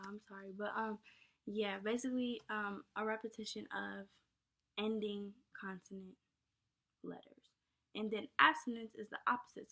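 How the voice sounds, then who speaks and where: Flat-toned young woman with gravelly voice. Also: mid-range voice. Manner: casual, many ums and likes, addresses viewers as y'all. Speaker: teacher. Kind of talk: informal lesson.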